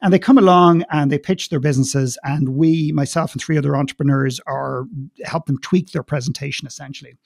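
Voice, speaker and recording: A man's voice: fairly high pitch, steady tone, fairly quick, vocal fry, hardly any pauses, no echo, clean studio sound. A man with an Irish accent, a guest in a podcast interview, talking passionately and bluntly, swearing and repeating words as he goes.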